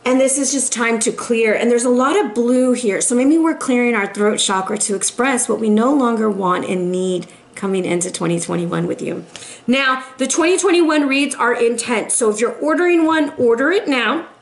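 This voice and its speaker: A woman's voice: on the high side, lively intonation, normal speed. A woman giving a monthly tarot reading to camera, chatty and emphatic, often checking in with her listeners. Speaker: tarot reader.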